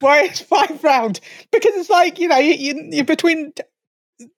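A man's voice: very high voice, unhurried, no echo. A man chatting casually as a podcast guest, rambling and joking about himself.

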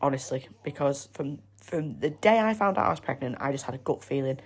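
A young woman telling a personal story on her podcast in a chatty, excitable way. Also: very deep voice, a little fast, slightly rough. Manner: chatty, excitable, breaks off to coo at her baby. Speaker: podcast host. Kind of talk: casual storytelling.

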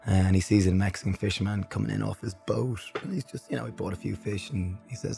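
A man's voice: lowish voice, fast talker, vocal fry, hardly any pauses, soft background music. A man with an Irish accent, a podcast guest, telling stories casually and acting out what people said. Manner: animated, acts out quotes in others' voices. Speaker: guest, business owner. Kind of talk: casual storytelling chat.

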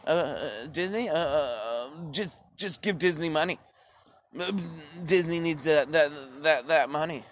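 A man delivering a profane, sarcastic stand-up rant, rambling and swearing often. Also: fairly high pitch. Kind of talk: profane ranting stand-up monologue.

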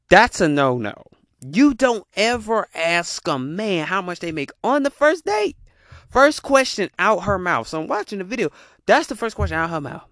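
A man's voice: sits high, very animated, moderate pace, a bit bright, dry recording, studio quality. A man giving a heated, profane reaction rant, repeating his punchlines. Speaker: commentator reacting to a video.

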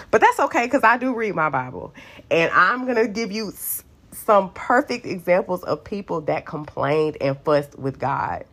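A woman giving a casual, playful Bible talk full of fillers and asides. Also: low-pitched. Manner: chatty and playful, many fillers, acts out voices. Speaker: Bible teacher. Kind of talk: casual devotional teaching.

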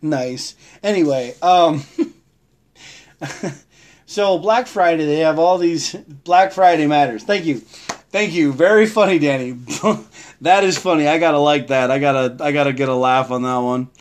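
A man's voice: fairly high pitch, a little slow, slight background noise. Man, chatty live-stream host, upper-range voice, rambling, laughs a lot. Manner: rambling, greets viewers by name, laughs often. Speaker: livestream host. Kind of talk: casual live-stream chat.

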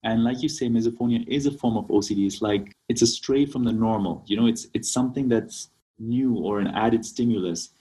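A Kenyan naturopathic doctor explains remedies as a guest in a casual interview, often checking in with "right?". His medium-pitched voice is warm and husky and a little fast, captured in a rough recording.

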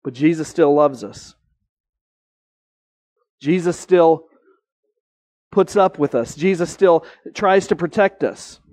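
A man preaching a sermon as a pastor, earnest, rising on key points and slowing down to stress them. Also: fairly high pitch, darkish tone, no room sound.

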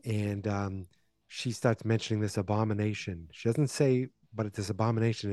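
Man, 40s, podcast host, casual chatty recap, warm mellow tone, dry close sound. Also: fairly low pitch, fairly even intonation, moderate pace, no echo. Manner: chatty, wry, loose retelling with asides.

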